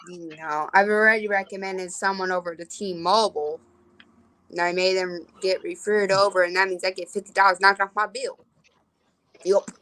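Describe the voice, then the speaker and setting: A woman's voice: medium pitch, a bit bright, a little hiss or hum, poor audio. A woman in her twenties venting bluntly in a casual open-mic rant. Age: 20s. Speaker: live-stream host.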